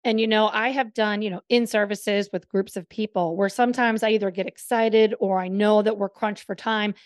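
A woman from the northern US co-hosting a podcast, chatting casually and quickly with frequent laughs. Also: mid-range voice, steady tone, no echo, studio quality. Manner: quick, laughing, emphatic talk. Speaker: podcast co-host. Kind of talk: casual chat.

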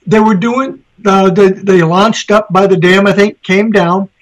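An easygoing man with a notably high voice, co-hosting a laid-back podcast. He tells stories about being out on the water and laughs easily along the way. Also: steady tone, unhurried, rough recording. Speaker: podcast co-host. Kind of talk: casual chat.

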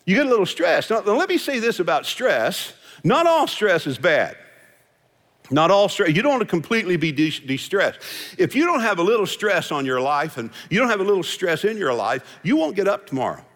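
A man's voice: sits high, a little fast. A man giving a sermon as pastor, folksy and joking. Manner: folksy, joking, animated delivery. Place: large hall with musicians. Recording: hall reverb from live service.

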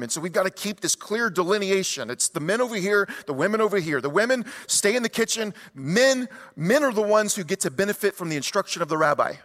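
A man preaching a sermon as a pastor, telling stories in an animated way and putting rhetorical questions to the congregation. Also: on the high side, big-room sound.

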